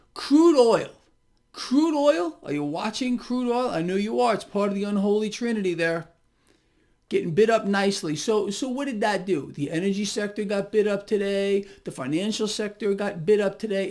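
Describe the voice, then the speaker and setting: A middle-aged man hosting a casual market commentary, talking straight to his viewers in an animated, chatty way. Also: high voice.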